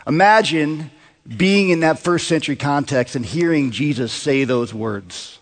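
At a measured pace, a pastor in his thirties preaches in a somewhat high voice, keeping the sermon conversational and often posing rhetorical questions to the congregation. A long hall reverb fills the church sanctuary recording.

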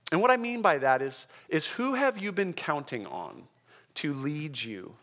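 A man preaching a sermon in a conversational, emphatic way, often slowing down to stress key words. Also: high-pitched, wildly swooping pitch, fairly bright tone. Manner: conversational, emphatic, checks in with the congregation. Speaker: pastor.

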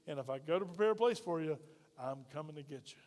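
A man preaching in a church, his voice sitting high for a man. He talks to the congregation in a loose, conversational way, tossing out questions and asking them to say lines with him. The sound carries a long hall echo. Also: animated, fast, a little mellow. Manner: conversational preaching with rhetorical questions and call-and-response. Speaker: pastor. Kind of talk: sermon. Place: church sanctuary.

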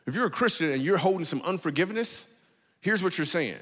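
A man's voice: high-pitched, fast. A man preaching a casual, comedic sermon in a church, telling stories and jokes in a conversational way. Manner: conversational, joking, animated storytelling. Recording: long hall reverb.

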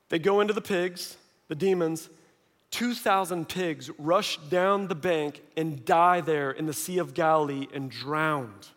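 Animated high-voiced preacher in a reverberant hall. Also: male voice, normal speed. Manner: animated, acts out voices, swings from hushed to shouting. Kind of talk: sermon storytelling.

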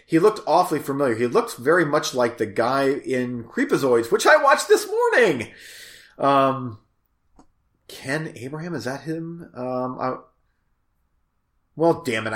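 A man talking movies in a casual chat, slow and unhurried, rambling with lots of fillers and restarts. His voice has a roomy echo around it. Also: mid-range voice, a bit bright. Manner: rambling, halting, many fillers and self-corrections. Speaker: host reviewing movies.

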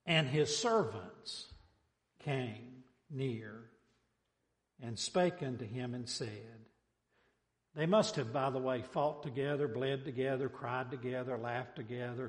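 Emphatic preacher man in a reverberant hall. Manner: emphatic, asks the congregation questions, drops low on amens. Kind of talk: sermon.

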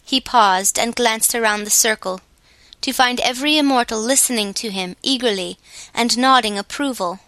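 A woman reading a storybook aloud as an audiobook narrator, steady and clear. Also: fairly high pitch, normal speed, no echo. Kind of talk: scripted narration.

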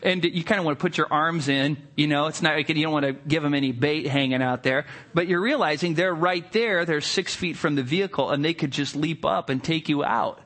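Man, preacher, sermon story, somewhat high-pitched, wry, conversational. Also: brisk, few pauses. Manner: animated storyteller with a wry, joking tone; conversational, with frequent restarts. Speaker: pastor. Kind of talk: sermon illustration told as a story.

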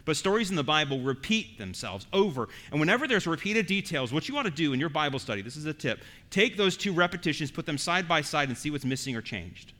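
A man's voice: fairly high pitch, big pitch swings, fast talker, few pauses, sharp tone. A man preaching an expository sermon as pastor, earnest and emphatic, often repeating words as he goes.

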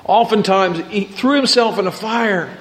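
High-voiced man preaching a sermon. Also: moderate pace, a little hiss or hum. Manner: conversational preaching, reads scripture aloud, frequent restarts. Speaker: pastor.

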